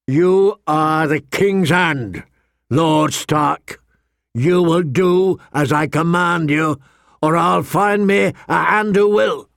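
A man's voice: a little high, very animated, measured pace, no room sound, clean studio sound, voice pushed up, heavily acted. A man voicing a furious middle-aged king who bellows and chokes with rage. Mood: commanding.

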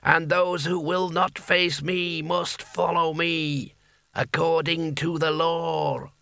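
A man voicing an ancient, menacing male sorcerer possessed by a hat, speaking slowly and commandingly. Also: fairly high pitch, little pitch movement, gravelly, pushed and bright, no echo, pitched above the performer's own voice, heavily acted. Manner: slow, measured, commanding.

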